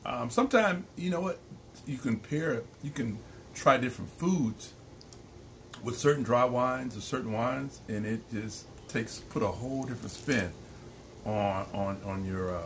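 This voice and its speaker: A man, co-hosting a casual live-stream chat, rambling and restarting. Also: medium pitch. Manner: relaxed, rambling, frequent restarts and laughs. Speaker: co-host. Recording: faint background noise.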